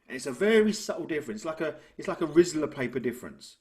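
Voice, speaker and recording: A man's voice: a little high, big pitch swings, fast talker. Reflective man coaching. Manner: reflective, tells stories to make a point. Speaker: business coach, guest. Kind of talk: conversational interview.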